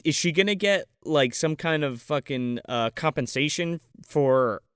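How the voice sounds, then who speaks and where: A man with a high, very lively voice riffs crudely through a comedic movie review, jumping into silly character voices. The sound is dry and close. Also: a little slow, clean tone, no echo. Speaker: podcast co-host.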